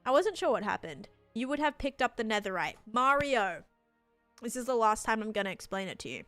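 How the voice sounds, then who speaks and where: In a high-ish, very animated voice that's fairly quick and bright, a young woman live-streams a game over soft background music. She answers viewers in casual, rambling chat full of fillers, patiently over-explaining things to them.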